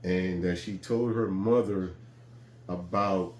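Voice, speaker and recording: A man casually telling a personal story in a relaxed, conversational way, with frequent fillers. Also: deep voice, takes it slowly. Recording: roomy echo with faint ambience.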